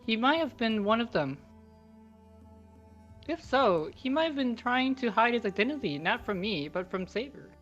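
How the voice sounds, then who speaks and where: A woman reading lines in a group stream in a steady, explaining way. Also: on the high side, moderate pace, highs cut off, soft background music. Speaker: voice reader on a stream.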